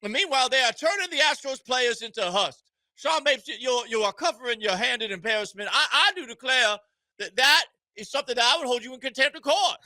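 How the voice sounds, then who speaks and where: A man's voice: extremely high pitch, expressive, brisk, sharp tone, dry recording, voice pushed up, heavily acted. A man voicing a blustering Southern trial lawyer with a put-on American Southern drawl, declaiming in pompous outrage. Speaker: radio host.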